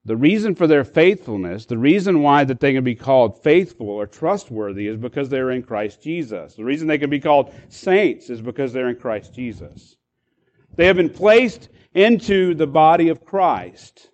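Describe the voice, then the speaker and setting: A man's voice: medium pitch, expressive, normal speed, darkish tone, highs cut off. A man preaching as a pastor, explaining a passage with frequent restarts and repeated words. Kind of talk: sermon.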